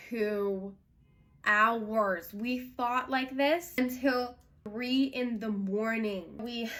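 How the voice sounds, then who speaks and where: Animated young woman telling a storytime. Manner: animated, mimics others in high voices. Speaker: vlogger. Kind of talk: storytime while getting ready.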